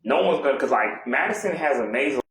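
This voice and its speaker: A man's voice: medium pitch, expressive, quick pace, fairly bright tone. A man ranting bluntly and profanely in casual chat. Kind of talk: casual rant. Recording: echoey room with faint noise.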